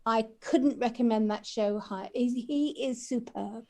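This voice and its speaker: A woman's voice: a little high, unhurried. A woman speaking as an actress guest, gushing about the people she admires. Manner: warm, gushing praise of colleagues. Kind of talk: casual chat on a video call.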